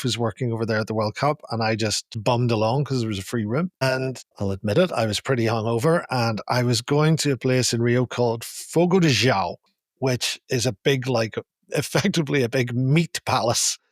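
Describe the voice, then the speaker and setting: A man co-hosting a podcast, telling an animated taxi story with laughs, in a casual chat. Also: medium pitch, no room sound, clean studio sound. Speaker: podcast co-host.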